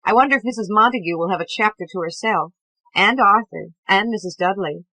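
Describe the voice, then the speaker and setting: A woman's voice: medium pitch, brisk, bright, forceful tone, no room sound, low-quality recording. A woman reading a witty young woman who speaks with polite, sly irony. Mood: wry.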